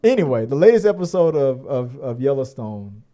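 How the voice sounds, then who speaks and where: A man's voice: mid-range voice, big pitch swings, moderate pace, mellow. A man co-hosting a podcast in loose, rambling casual chat, joking and swearing freely. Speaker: podcast co-host.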